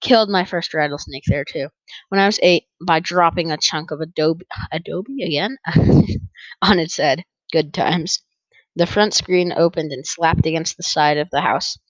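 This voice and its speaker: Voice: medium pitch, measured pace, no room sound, rough recording. An audiobook narrator reading a first-person story in an easygoing way, with small stumbles and rereads.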